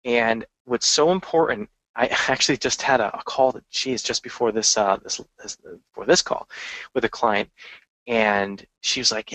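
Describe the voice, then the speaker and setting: Male podcast host and marketing coach, mid-pitched voice, energetic and chatty, dry close-miked sound. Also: moderate pace, dry recording, rough recording. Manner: energetic, conversational, frequent restarts and asides. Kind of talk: casual business podcast monologue.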